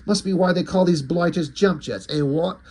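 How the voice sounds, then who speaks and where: A man voicing a brainy male ape who speaks like a jolly, proper English gentleman, with an English accent. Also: a little high, moderate pace, pitched above the performer's own voice, lightly acted. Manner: posh, jolly.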